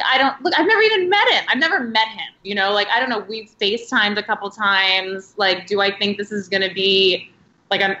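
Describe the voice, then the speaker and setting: A woman's voice: medium pitch, sharp tone, roomy sound, lo-fi sound. A woman in her late thirties, a podcast guest telling stories in a chatty way and saying "like" a lot. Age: late 30s. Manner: chatty storyteller, heavy use of "like". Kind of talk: casual interview chat.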